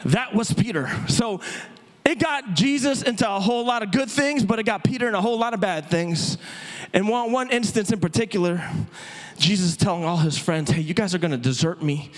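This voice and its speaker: A man's voice: high voice, expressive, fairly quick. A man preaching a sermon, telling a Bible story in an earnest way that builds and drops in intensity. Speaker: pastor. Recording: long reverb in a hall.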